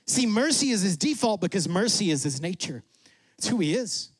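A man preaching a sermon in a lively way, acting out God and Moses in quick asides. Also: slightly rough, no room sound. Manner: drops to a soft, low voice for emphasis. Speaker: pastor.

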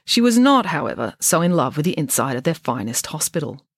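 A woman's voice: low-pitched, very animated, fairly quick, no echo, clean studio sound. A woman reading her own children's novel aloud for a podcast, switching between voices for each character.

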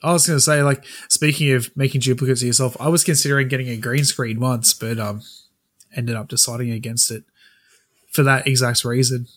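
A man's voice: mid-range voice, steady tone, brisk, a bit bright. Playful male podcast co-host. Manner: jokey, playful quips. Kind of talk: casual chat.

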